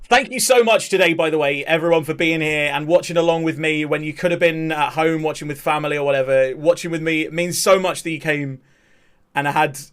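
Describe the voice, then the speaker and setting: A man hosting a live watch-along stream, chatting excitably to his viewers. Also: fairly high pitch, a little fast, clear, resonant tone. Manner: excitable, talks to chat.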